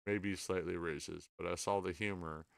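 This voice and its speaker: A man's voice: low-pitched, fairly even intonation, moderate pace, gravelly, dry recording, clean studio sound. A tired man hosting a casual late-night podcast chat, rambling, swearing and stammering as he apologizes. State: exhausted, sleepy. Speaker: podcast host.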